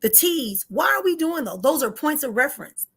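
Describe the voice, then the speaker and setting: Emphatic woman teaching spirituality, higher voice. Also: big pitch swings, moderate pace, a bit bright. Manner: emphatic, repeats key phrases; addresses listeners directly and informally. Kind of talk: live-streamed spiritual teaching.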